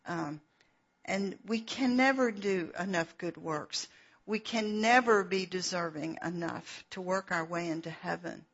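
Woman preacher, slow and earnest, husky voice, lo-fi dull recording. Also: fairly low pitch. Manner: unhurried, explains verses with asides and fillers. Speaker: Bible teacher. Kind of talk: slow, earnest sermon with scripture reading.

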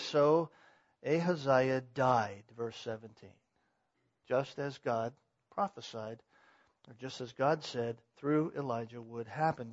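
A man preaching an expository sermon, verse by verse, building emphasis on key points. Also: on the high side. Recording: slightly muffled lo-fi sound.

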